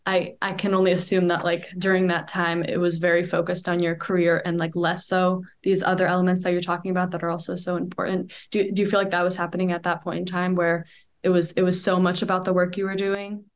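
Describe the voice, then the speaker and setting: A woman's voice: lowish voice, little pitch movement, fast talker. A woman hosting a casual interview, encouraging and affirming, using many fillers. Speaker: podcast host.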